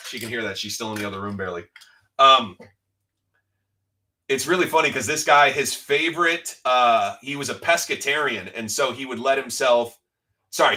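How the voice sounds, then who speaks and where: A man's voice: medium pitch, pushed and bright, far from the mic, low-quality recording. A middle-aged man telling a story in a loose, joking, casual way, swearing now and then as host of a livestream. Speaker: livestream card-break host.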